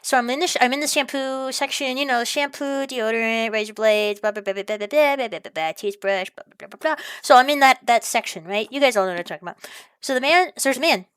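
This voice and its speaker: A woman's voice: a little high, quick pace, fairly bright tone, smooth, no echo, studio quality. A woman delivering an exasperated, profane rant, repeating herself as she vents. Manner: exasperated, profane, repetitive ranting. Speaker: ranting vlogger. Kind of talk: angry rant monologue.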